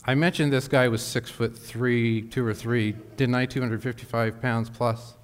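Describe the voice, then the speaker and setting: A man's voice: mid-range voice, steady tone, normal speed. A man preaching a sermon, telling a personal story with emphatic asides to the congregation. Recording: long hall reverb.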